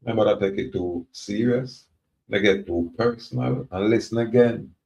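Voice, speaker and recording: Low gravelly jamaican guy ranting defiant and preachy, echoey room, dull lo-fi sound. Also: moderate pace, darkish tone. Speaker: self-styled sovereign speaking to viewers. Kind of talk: rambling monologue. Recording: roomy, dull lo-fi recording.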